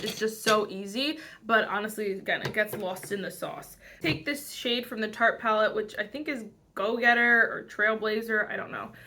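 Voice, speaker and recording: A woman's voice: a little high, bright, forceful tone. A young woman chatting casually through a makeup tutorial, rambling with lots of fillers and restarts. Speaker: beauty vlogger.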